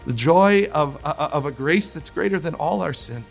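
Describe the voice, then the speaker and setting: A man preaching with earnest emphasis, his voice sitting a little higher than most men's. He stumbles and restarts words as he drives his points home. Faint music plays quietly underneath. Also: animated, moderate pace, vocal fry. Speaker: pastor. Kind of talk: sermon.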